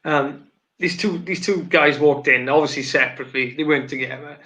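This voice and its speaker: A man's voice: a little high, fairly quick, bright, forceful tone. A man on a video call telling a story with laughter in casual podcast banter. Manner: storytelling, mimicking others with laughter.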